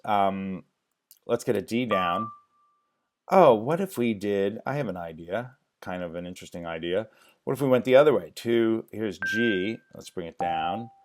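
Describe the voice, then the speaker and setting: A man teaching music theory in a screen-share lecture, thinking aloud with many ums and restarts. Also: on the low side.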